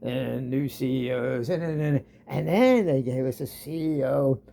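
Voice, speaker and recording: A man's voice: mid-range voice, measured pace, creaky, dark tone. A man vlogging a rambling, sarcastic rant about an old job, often trailing off.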